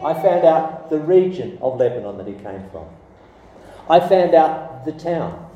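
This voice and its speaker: A man preaches a sermon, chatty and animated, his warm, mellow voice swinging up and down. He sounds a little far from the mic in an echoey church hall, with faint background noise. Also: a little high. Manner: lively, conversational preaching with asides. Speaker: pastor.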